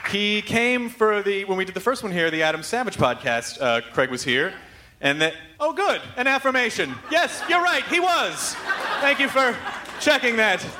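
A jittery man hosts a live podcast on a theater stage, rambling and swearing. His voice sits very high, with audience murmurs and laughter in the room and a steady noise bed under the recording. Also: moderate pace, a faint crowd. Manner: hyper, rambling, profane. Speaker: podcast host. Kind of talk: live stand-up style podcast hosting.

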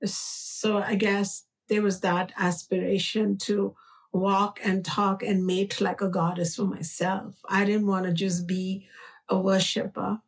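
A woman with an Indian accent, an author being interviewed, speaking in a slow, reflective and earnest way. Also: medium pitch, flat delivery, recorded from a distance. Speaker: author guest. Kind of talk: conversational interview.

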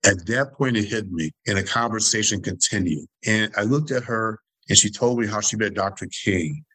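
A Detroit man in his sixties, a former student body president, tells stories as an interview guest, earnest and passionate, repeating points for emphasis. His lowish voice is pushed and bright at a moderate pace, with no echo but poor audio.

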